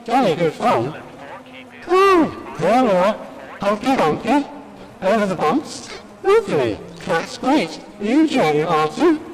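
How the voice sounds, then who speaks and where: A man's voice: sits high, very animated, unhurried, long reverb tail, voice pushed up, low-quality recording. A man doing an impression of a fussy, prissy male protocol droid over a robot voice filter while driving a rally game.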